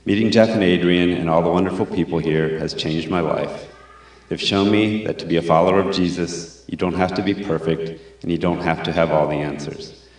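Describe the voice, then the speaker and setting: Man with a very deep voice reading his church testimony, steady and measured, big echo. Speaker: person being baptized. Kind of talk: read-aloud prepared testimony. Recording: very echoey church hall.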